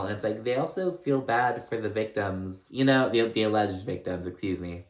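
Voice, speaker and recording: A man's voice: lowish voice, lively intonation, brisk, few pauses. Chatty man recapping in an echoey room. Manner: chatty, rambling, filler-heavy, sassy. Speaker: recap host. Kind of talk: casual reality TV recap.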